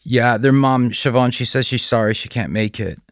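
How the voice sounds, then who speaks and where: A man's voice: mid-range voice, normal speed, no room sound, voice pushed up, natural voice. A man voicing a frazzled, defensive father, close to his own voice.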